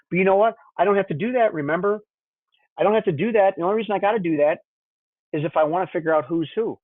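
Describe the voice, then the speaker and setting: A diesel technician instructor walks through engine diagnostics in a conversational technical webinar, checking in by asking "okay?" and "would you agree?". His voice is on the high side, and the audio is dry and tinny like a phone, with no room sound.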